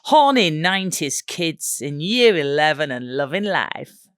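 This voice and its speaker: A lower-pitched English woman hosts a casual podcast, reading out listener letters and breaking into giggles. Her voice is close and dry, with no room sound. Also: unhurried, smooth, no room sound. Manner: giggly, lively storytelling. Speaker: podcast co-host.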